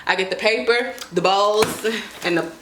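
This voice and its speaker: A young woman shows off a casual grocery haul in her apartment kitchen, chatting in slang and sometimes calling herself by the third person. Her voice sits in the mid range at a normal speed. The room is echoey, and background noise is clearly audible.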